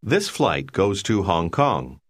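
Male course narrator, low voice, measured and careful delivery, animated rise and fall. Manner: slow, clear instructional delivery. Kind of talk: scripted lesson narration.

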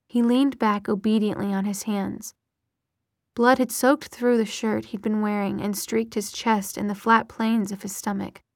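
A woman narrating a romance novel in a soft, breathy whisper. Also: medium pitch, steady tone, unhurried, no echo, studio quality.

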